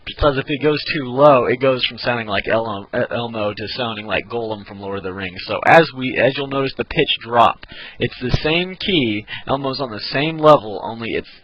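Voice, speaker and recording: A man giving a casual video lesson on cartoon voices, relaxed and full of ums and uhs. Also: medium pitch, moderate pace, muffled recording. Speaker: voice impression tutor.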